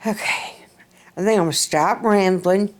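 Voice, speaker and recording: A woman's voice: mid-range voice, normal speed. A middle-aged woman from central Alabama with a Southern accent, rambling folksily in a casual vlog chat and laughing often. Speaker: vlogger.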